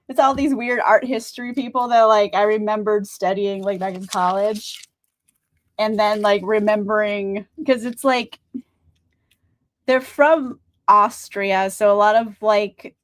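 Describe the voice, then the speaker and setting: Casting: talkative young woman, slightly high voice, rambling livestream chat full of fillers and laughs. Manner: chatty, rambling, laughs often, says "like" a lot. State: tired. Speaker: book streamer.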